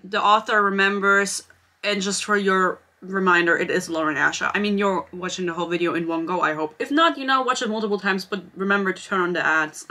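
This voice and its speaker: Bright, sarcastic young-sounding woman reviewer. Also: mid-range voice. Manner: sarcastic, giggly, blunt. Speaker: book reviewer. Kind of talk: casual book review vlog.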